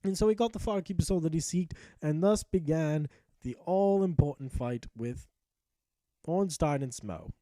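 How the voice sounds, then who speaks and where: Young man, mock-epic gameplay narration, high voice, mellow, dry close sound, profane jokes. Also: normal speed, no echo. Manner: jokey, profane, ranting asides. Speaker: gameplay commentator.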